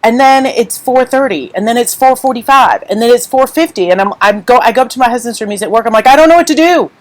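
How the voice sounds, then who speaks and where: A woman's voice: a little high, fast talker, poor audio. A woman hosting a live craft stream, talking candidly and emotionally to viewers in a rambling, unscripted way while holding back tears. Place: at home.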